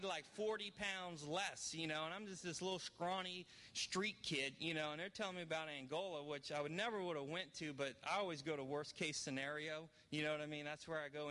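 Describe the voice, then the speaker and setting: This is a middle-aged man from New Orleans sharing his story before a recovery crowd. His voice rides a touch high and sounds bright and forward. He wanders through it candidly, poking fun at himself. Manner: candid, rambling storyteller with self-deprecating humor. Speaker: recovery speaker. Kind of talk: personal testimony to an audience.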